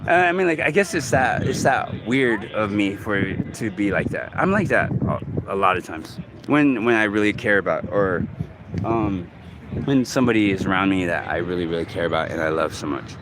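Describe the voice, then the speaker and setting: A man in his forties talking casually to the camera in a halting, rambling way, full of fillers and restarts. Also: lowish voice, noisy background. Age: 40s. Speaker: vlogger. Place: outdoors in a city park.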